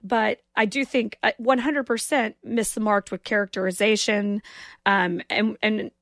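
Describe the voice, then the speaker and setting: A woman's voice: mid-range voice, steady tone, unhurried, a bit bright, no room sound, clean studio sound. A woman from the American South co-hosting a podcast, chatting emphatically about a film and repeating her points. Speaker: podcast co-host. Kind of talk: casual film discussion.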